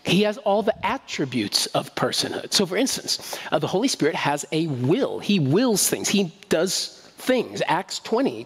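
A man preaching a sermon to his congregation in a relaxed, conversational way, often asking them questions and repeating key phrases. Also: high-pitched, husky. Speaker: pastor. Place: church sanctuary. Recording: long reverb of a church hall.

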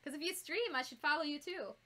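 High bright bubbly woman, Northern US accent. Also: brisk. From United States. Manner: bubbly, giggly, chatty with viewers. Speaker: fursuit maker streaming live. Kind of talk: casual live-stream chat while crafting.

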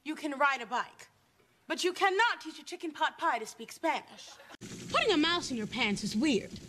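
Young woman with a deadpan comic delivery. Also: high voice, moderate pace. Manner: deadpan, bursts into loud shouts. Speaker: sketch comedy performer. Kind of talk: deadpan comic desk segment. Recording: studio audience laughter, noisy. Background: studio audience laughing.

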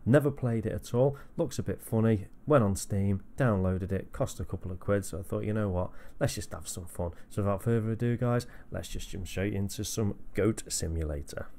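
A man giving crude, jokey let's-play commentary, swearing a lot and breaking into squeaky high outbursts. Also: moderate pace, hardly any pauses, mellow. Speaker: gamer.

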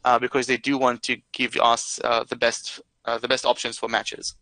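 Bright-voiced man carefully explaining answers. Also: mid-range voice, monotone, normal speed, no room sound, rough recording. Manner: careful, explanatory, many "uh" fillers. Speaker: product expert answering questions. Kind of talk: live Q&A explanation.

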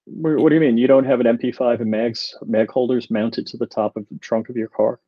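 A man's voice: mid-range voice, steady tone, a little fast, breathy edge, dry recording, muffled recording. A male co-host in casual chat, making dry wisecracks. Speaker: podcast co-host.

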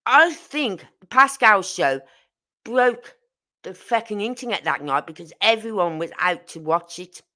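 A woman with a mid-range voice, lively intonation, and a sharp tone speaks a little slowly. She hosts a true crime channel's livestream, chatting casually, rambling and indignant as she reads out viewer comments.

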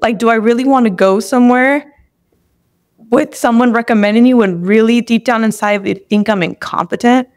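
At a moderate pace and a slightly high pitch, a young woman guesting on a podcast opens up about her own story. The telling is emotional and frank, occasionally tearful, with plenty of "like."

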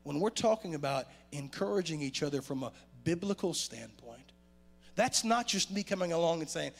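A man delivers a sermon in a church with a gravelly edge to his voice. His pitch swings widely, climbing for emphasis and falling low for quieter points. His voice sits a touch higher than most men's. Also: moderate pace. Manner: animated preaching with sudden loud rises and quiet drops. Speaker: pastor. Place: church sanctuary.

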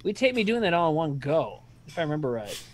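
A man's voice: on the high side, big pitch swings, fast talker, slight background noise. A man with a Midwestern accent hosting a casual stream chat, rambling and swearing freely while poking fun at himself. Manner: rambling, profane, self-deprecating. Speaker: streaming show host.

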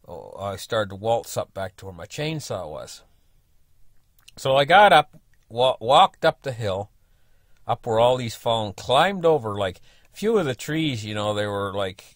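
Older man, folksy rambling storyteller, low voice, dry close sound. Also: a bit bright, dry recording. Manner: folksy, rambling, full of "you know" and restarts. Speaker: storyteller, channel host. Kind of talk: casual spoken storytelling.

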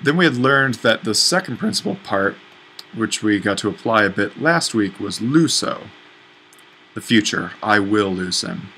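Guy teaching at a whiteboard, bright lowish voice, patient, faint hiss behind. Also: animated, unhurried, low-quality recording. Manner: patient, explanatory, with small self-corrections. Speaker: Greek instructor. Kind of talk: whiteboard lesson.

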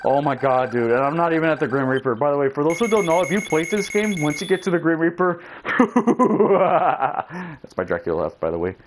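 Excitable man swearing through a retro game. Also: on the high side, quick pace, hardly any pauses, slight background noise. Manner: swears and shouts at enemies, talks to viewers. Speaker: let's play gamer. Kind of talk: casual gameplay commentary.

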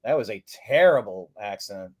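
Lively, sarcastic male co-host. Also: on the low side, normal speed, dull audio. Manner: joking and sarcastic. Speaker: show co-host. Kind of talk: opinionated political chat.

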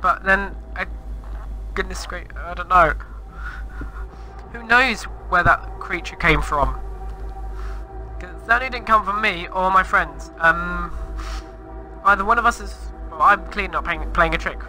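A man talks over his Minecraft gameplay in a high, sharply bright voice. He sounds flustered and rambling, and he often breaks into exclamations. Soft music sits faintly underneath. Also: a little slow, pauses often, low-quality recording. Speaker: gamer.

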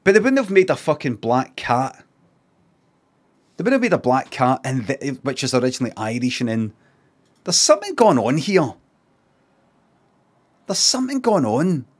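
A man with a Scottish accent, streaming casually and reacting out loud in a rambling, repetitive, sweary way. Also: medium pitch, sing-song, normal speed, long pauses, breathy edge.

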